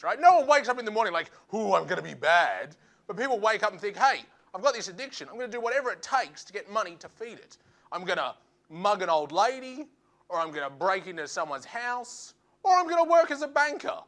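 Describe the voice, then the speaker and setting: High, bright-voiced comic. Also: male voice. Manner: animated, acts out quoted voices, quick asides. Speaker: stand-up comedian. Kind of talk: stand-up routine.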